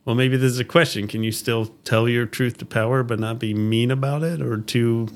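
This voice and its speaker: A man thinking aloud in a relaxed discussion, posing questions as he goes. His voice is gravelly at a middle pitch. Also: moderate pace, a crowd in the background. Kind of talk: casual discussion.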